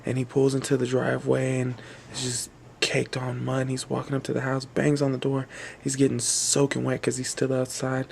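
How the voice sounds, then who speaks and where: Gravelly man telling a rambling story. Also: mid-range voice, completely flat delivery, normal speed, slight background noise. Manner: rambling, repetitive, voices quoted characters. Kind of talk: spoken campfire-style storytelling.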